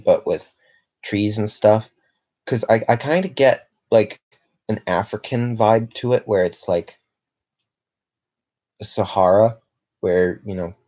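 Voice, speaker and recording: A man's voice: on the low side, a little mellow, muffled recording. A young man from Canada chatting casually on a livestream, rambling and reading viewer comments aloud with lots of fillers. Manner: rambling, reads chat aloud, filler-heavy.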